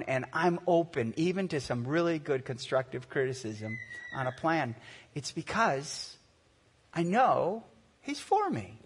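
Male pastor in his forties, slightly high voice, preaching in a conversational, story-led way, long hall reverb. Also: animated, a bit bright. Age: 40s. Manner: conversational storytelling, slowing to earnest emphasis. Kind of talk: sermon.

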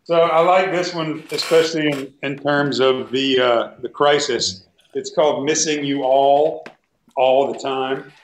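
A man's voice: mid-range voice, steady tone, a little slow, a little hiss or hum. Easygoing man on an echoey video call. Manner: rambling, easygoing, many fillers. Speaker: guest musician. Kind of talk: casual conversation. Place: at home. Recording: echoey room with faint music.

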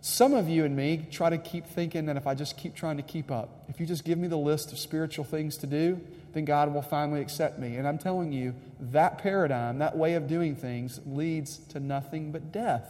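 A man's voice: on the high side, moderate pace, hardly any pauses, dark tone. A man preaching a sermon, emphatic and direct, repeating his key lines to the congregation. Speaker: pastor. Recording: long hall reverb.

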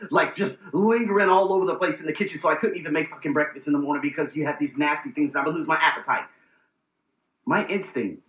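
A man hosting a casual vlog, telling personal stories in a blunt, profane, animated way. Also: fairly high pitch, roomy sound, lo-fi sound. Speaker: host.

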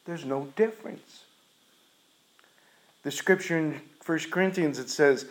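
A man's voice: sits high, lively intonation, measured pace, darkish tone, rough recording. A man preaching a sermon, retelling a scripture story in an earnest, emphatic way.

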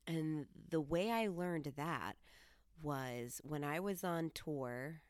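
A woman from Colorado tells a story in a casual podcast style, and her voice jumps up high and lively whenever she quotes herself. Her voice is low and smooth, and the sound is close and dry. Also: slow pace, dry recording. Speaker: podcast host.

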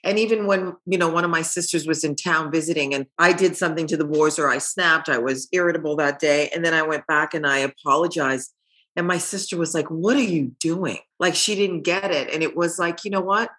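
A woman's voice: low-pitched, a little fast, fairly bright tone. A middle-aged woman from Haiti, a podcast guest talking openly and emotionally, laughing often. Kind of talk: candid conversation.

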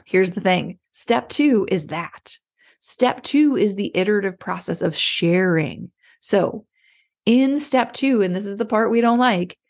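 A woman clarity coach gives a casual motivational talk in a medium-pitched voice with vocal fry. She's chatty and conversational, often acting out the inner voices of other people.

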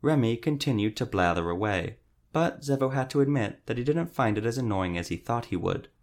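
A man narrating an audiobook in a steady, even reading voice. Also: mid-range voice, a little fast. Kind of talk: scripted narration.

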